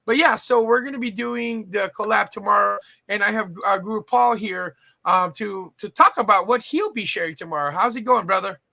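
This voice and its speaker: A man's voice: sits high, normal speed, gravelly, few pauses, sharp tone. A man hosting a live stream chat, chatty and teasing, with many fillers. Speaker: host.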